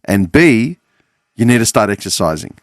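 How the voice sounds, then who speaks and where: A man's voice: lowish voice, big pitch swings, normal speed, no room sound, clean studio sound. A man in his forties hosting a podcast, talking in a casual, meandering monologue full of swearing and self-corrections. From Australia. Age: 40s. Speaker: podcast host.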